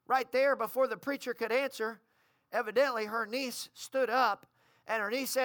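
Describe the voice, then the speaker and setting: A man's voice: very high-pitched, steady tone, fairly quick, gravelly, no room sound, clean studio sound. A man preaching a sermon, telling a story and calling the congregation to respond. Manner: storytelling, rising to shouted fervor.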